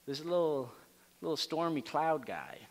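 A man's voice: on the high side, moderate pace. Casual storytelling man in a reverberant hall. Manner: animated, casual storytelling with many fillers. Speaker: campus ministry speaker. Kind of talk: storytelling sermon talk.

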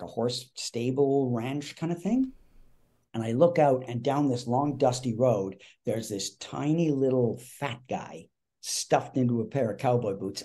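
A man, an actor, telling a casual, animated story from a film set, acting out the quotes. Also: medium pitch. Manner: animated, lots of fillers and restarts, acts out quotes.

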